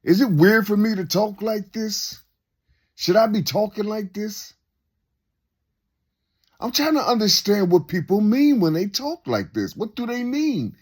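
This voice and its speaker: A man talks slowly in a wandering spoken monologue, circling back on his own phrases and asking his listener question after question. His voice sits high and swings widely up and down as he works through each thought. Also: very animated, breathy edge. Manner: rhetorical questions, repeats himself; unscripted, loose and conversational. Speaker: speaker sharing reflections.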